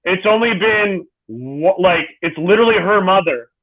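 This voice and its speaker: A man's voice: sits high, animated, moderate pace. A man co-hosting a podcast, laid-back and hesitant, with many fillers. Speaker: podcast co-host. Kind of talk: casual podcast banter. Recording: tinny phone-like call audio.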